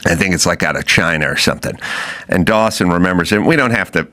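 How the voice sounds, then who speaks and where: A man's voice: sits low, fast. A man hosting a podcast, ranting comedically and acting out the voices in his stories. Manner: animated, acts out voices, lots of fillers. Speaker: podcast host. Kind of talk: comedic opinion rant.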